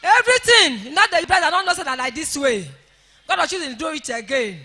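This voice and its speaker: A Nigerian woman giving an emotional church testimony, rising to shouts of praise. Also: high voice, animated, fast talker, big-room sound, faint music behind.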